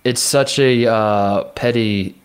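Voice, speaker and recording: A man's voice: mid-range voice, fairly even intonation, clear, resonant tone. A man co-hosting a podcast, musing in a loose, rambling way, restarting his sentences often. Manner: rambling, halting, with many restarts. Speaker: podcast co-host. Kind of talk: casual chat.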